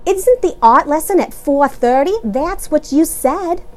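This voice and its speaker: A woman's voice: sits high, expressive, unhurried, pitched above the performer's own voice. Woman reading an annoyed, demanding mother.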